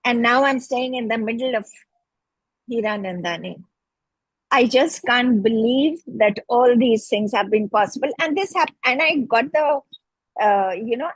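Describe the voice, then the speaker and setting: A woman's voice: fairly high pitch, slightly rough, no echo, rough recording. A middle-aged woman with an Indian English accent giving a fervent, grateful spoken testimonial about a healing practice.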